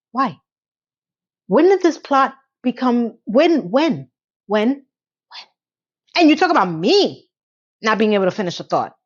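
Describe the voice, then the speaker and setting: A woman's voice: sits high, lo-fi sound. A woman recapping a TV episode, ranting with exasperated, incredulous rhetorical questions. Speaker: TV recap reviewer.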